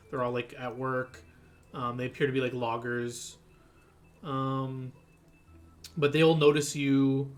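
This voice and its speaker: A man's voice: medium pitch, a bit bright. A man running a tabletop game as game master, narrating loosely with lots of fillers and restarts. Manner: rambling, full of fillers and restarts.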